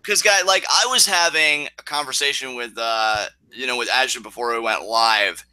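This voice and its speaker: A man's voice: mid-range voice, moderate pace, pushed and bright, smooth, dry recording. A man co-hosting a casual wrestling talk show, rambling and emotional with frequent restarts. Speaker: co-host. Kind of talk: casual podcast chat.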